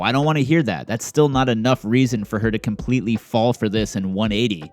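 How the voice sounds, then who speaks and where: A young man casually recapping a drama episode, animated and sarcastic, swearing often and laughing at his own jokes. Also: mid-range voice, quick pace, few pauses, soft background music. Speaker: drama reviewer.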